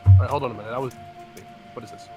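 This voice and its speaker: Fast-talking crude teasing man. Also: medium pitch, fairly even intonation, phone-quality sound, over music. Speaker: co-host coaching the player. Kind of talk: casual gaming chat.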